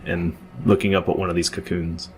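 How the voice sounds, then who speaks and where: A man's voice: low-pitched, flat delivery, fairly quick, darkish tone, a little hiss or hum. A man narrating a tabletop game as game master, describing scenes at length with frequent restarts.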